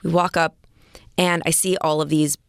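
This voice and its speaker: A young woman, a guest on a podcast, telling a story in a lively, animated way. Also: low voice, normal speed, vocal fry, clear, resonant tone, no room sound, clean studio sound. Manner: lively, animated, acts out her own thoughts. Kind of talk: conversational storytelling.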